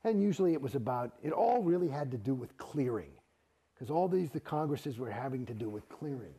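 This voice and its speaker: A middle-aged man, an actor, telling his own story in an interview, profane and animated, acting out the exchanges he describes. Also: mid-range voice, a little fast, slightly rough. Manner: profane, animated, gets heated and acts out quoted exchanges.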